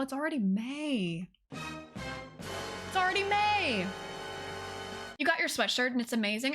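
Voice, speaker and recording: Gushing and bubbly, a young woman talks casually to her live stream viewers, and her voice swoops high whenever excitement hits.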